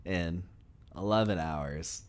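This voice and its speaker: A young man with a very low voice hosts a relaxed podcast chat. He jokes with friends and lets his sentences trail off. His tone stays loose and laid-back. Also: slow. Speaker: podcast host. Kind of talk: casual chat.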